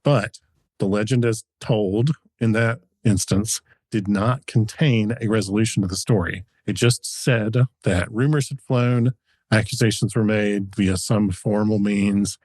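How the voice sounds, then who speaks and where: A man's voice: on the low side, steady tone, unhurried, a little mellow, dry recording. A man co-hosting a podcast, telling a history story in a chatty, researched way with frequent chuckles. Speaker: podcast co-host.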